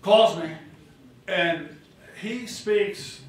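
An older man addresses a reception crowd in a political speech, telling stories with lively, acted-out quotes in a slightly high voice. He is heard from some distance in a very echoey hotel ballroom, with faint room noise behind him. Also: extremely slow. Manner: storytelling, animated, acts out quotes. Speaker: former governor giving a speech.

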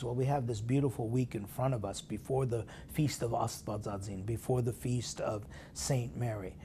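A man preaching a sermon as a priest, putting strong stresses on key words, dropping into hushed whispered asides and asking his listeners questions. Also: medium pitch, vocal fry, slight background noise. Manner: emphatic, swinging between loud stresses and hushed whispered asides; talks straight to listeners with rhetorical questions. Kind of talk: sermon meditation broadcast.

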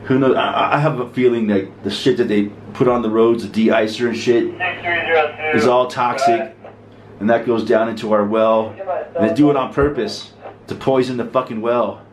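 A man's voice: medium pitch, fairly even intonation, normal speed. Sick, grumbling man in an echoey room. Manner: rambling, profane, complaining. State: sick with flu and sore throat. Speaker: vlogger. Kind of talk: casual monologue to camera. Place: cold room with frozen windows. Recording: roomy echo with faint noise.

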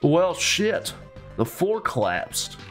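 A man's voice: a little high, wildly swooping pitch, slow pace, faint music behind. A young man hosting a let's play of a horror game, talking in casual commentary, joking, swearing and sarcastic.

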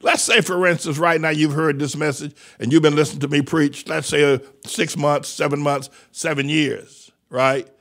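An older man preaching a fiery sermon as pastor, shouting, mocking and repeating phrases over and over. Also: on the high side. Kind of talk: fiery street-style sermon.

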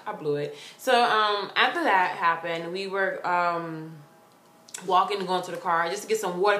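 A young woman vlogging from her corner at home, telling a story in a gushing, excitable way with lots of "like". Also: on the low side, moderate pace. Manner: excitable, gushing, heavy use of "like". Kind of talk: casual storytelling vlog. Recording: roomy sound with faint hiss.

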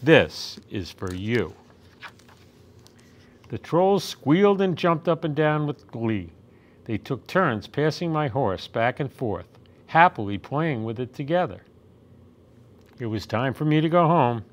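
A man reading a children's picture book aloud at storytime, with gentle, expressive storytelling. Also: fairly high pitch, measured pace. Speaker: storytime reader.

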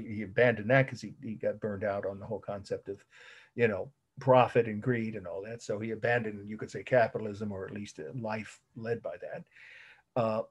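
A middle-aged art history lecturer speaks in a husky voice that sits on the low side with a darkish tone. His classroom talk is conversational, full of repeated words and chuckling at his own asides.

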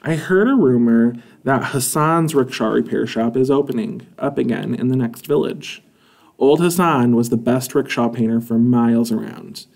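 A man's voice: mid-range voice, normal speed, gravelly, a little mellow. A man reading a storybook aloud, voicing a practical father who talks through repairs in a plain, matter-of-fact way. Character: practical worried village father.

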